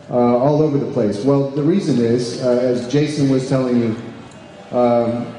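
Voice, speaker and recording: In a big, echoing hall before an audience, a man with a mellow, mid-range voice delivers a speech as an advocacy group's deputy director. He uses many fillers and restarts and keeps asking the crowd questions; the audio carries hall reverb and faint background noise.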